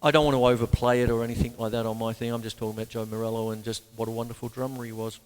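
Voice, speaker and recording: A man with an Australian accent hosting a casual drum lesson, chatty and animated, counting beats aloud. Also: medium pitch, rapid-fire, long reverb tail. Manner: animated, chatty, breaks into counting and scat sounds. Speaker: drum teacher and show host. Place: home room with a couch.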